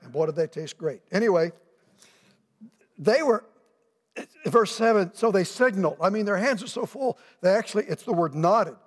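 A middle-aged man preaching a sermon as pastor, animated and acting out the voices of people in the story, in a church sanctuary. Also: sits high, moderate pace, long pauses. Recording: long reverb of a church hall.

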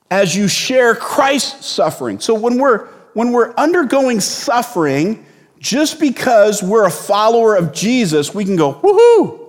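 High-voiced pastor preaching in a hall. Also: male voice. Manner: conversational, storytelling preacher with sudden bursts of emphasis. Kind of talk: sermon.

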